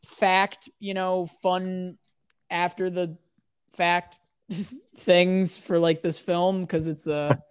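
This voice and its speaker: A man's voice: high voice, level tone, extremely slow, clear, resonant tone. Man, podcast co-host; rambling, joking delivery. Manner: rambling, joking, trails off and restarts. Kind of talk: casual chat.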